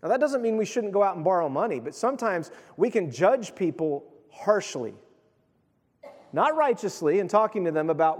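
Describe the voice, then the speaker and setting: A man preaching a sermon as pastor, in a lively, conversational way, acting out the voices of the people he quotes. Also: sits high, moderate pace, slightly rough. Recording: long hall reverb.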